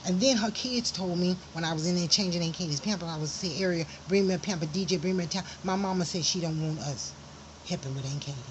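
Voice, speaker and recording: A woman's voice: fairly low pitch, quick pace, slight background noise, poor audio. A woman telling a family story in an angry personal monologue, profane and emphatic, flaring into heated outbursts.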